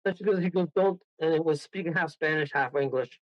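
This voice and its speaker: A man's voice: a little high, brisk, few pauses, no echo. Guy spinning a wild story, laughing, acting out quotes, muffled radio audio. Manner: rambling, animated, laughing storyteller who acts out quotes. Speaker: guest medium.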